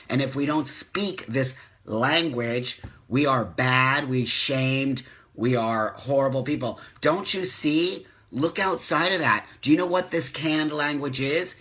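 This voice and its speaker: A man in his fifties hosts a live-streamed motivational talk, speaking passionately in a medium-pitched, sharp voice. He preaches, repeats lines for emphasis, and swears now and then. The audio comes from a phone or webcam on the live stream.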